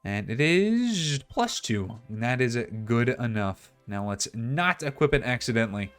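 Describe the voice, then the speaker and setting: A man's voice: mid-range voice, sing-song, unhurried, hardly any pauses, a bit bright, clear, resonant tone. A man streaming a video game, talking casually and chatting as he plays. He pokes fun at himself along the way. Faint game music runs underneath. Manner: chatty, self-mocking. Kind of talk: casual gameplay commentary.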